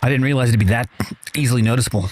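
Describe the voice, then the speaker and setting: A man with a mid-range voice races along while streaming a video game. He rambles to his chat casually, swearing freely.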